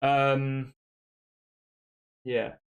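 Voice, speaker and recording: A man's voice: mid-range voice, fairly even intonation, extremely slow, vocal fry, clear, resonant tone, highs cut off. A young man chats through a live football stream, reading out viewers' messages and answering them. His talk is loose and conversational, full of "um" and "yeah" as he thinks aloud. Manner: conversational, reads chat questions aloud, frequent fillers. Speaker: live stream host reading fan chat. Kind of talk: casual match reaction live stream.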